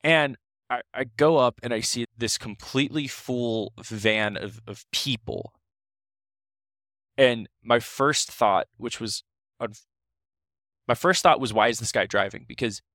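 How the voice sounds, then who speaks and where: A young man from Ohio, a podcast guest, telling a story in casual, animated talk full of restarts. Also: medium pitch, no echo, clean studio sound.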